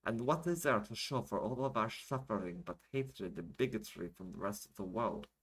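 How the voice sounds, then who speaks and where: A man voicing a woman interpreter, slightly higher than his own voice, who speaks slowly and solemnly. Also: fairly bright tone, husky. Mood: grave. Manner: slow, solemn delivery. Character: woman interpreter, earnest and grave.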